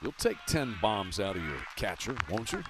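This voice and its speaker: A man calling college baseball play-by-play with a brisk delivery that rises on big plays. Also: on the low side, sing-song. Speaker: play-by-play announcer. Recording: noisy ballpark broadcast.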